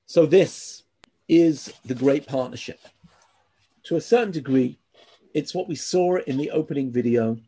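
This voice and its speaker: A man's voice: a little high, measured pace, pauses often, dark tone, breathy edge. A man teaching a class, reading passages aloud and adding earnest, emphatic asides of his own. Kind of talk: class lecture reading from a text.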